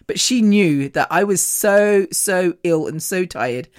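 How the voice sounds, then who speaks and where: Chatty woman with a low voice. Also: lively intonation, takes it slowly. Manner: chatty, frank, laughs often between sentences, swears casually. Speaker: podcast host. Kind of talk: casual storytelling monologue.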